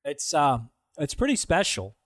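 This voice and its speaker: A man's voice: a little high, a little slow, no echo. Dry-sounding man riffing on a bad movie. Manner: animated, mocking, acts out movie lines. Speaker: podcast co-host. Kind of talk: casual movie-review chat.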